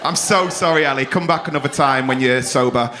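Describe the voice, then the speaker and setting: A man's voice: mid-range voice, a little fast. A man compering a live comedy night, teasing the crowd with cheeky, swearing banter. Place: comedy club. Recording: live club room with crowd noise.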